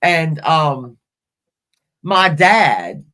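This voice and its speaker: A woman's voice: deep voice, big pitch swings, very slow, a bit bright. Middle-aged woman rambling thru a family story, swears a lot, voice swings up and down a bunch. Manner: blunt and profane, rambling with restarts. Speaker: live stream host. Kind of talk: casual personal storytelling.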